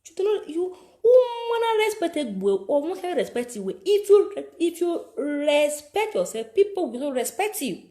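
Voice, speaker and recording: A woman's voice: high voice, sing-song, normal speed, hardly any pauses, dark tone. A woman with a Nigerian accent giving preachy life advice, repeating phrases for emphasis. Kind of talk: motivational talk to camera.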